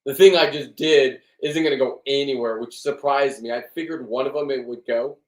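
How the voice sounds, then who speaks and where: A man's voice: medium pitch, steady tone, normal speed. A middle-aged man in a rambling, blunt vlog monologue, swearing often and restarting his sentences. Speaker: vlogger. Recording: echoey room, distant from the mic.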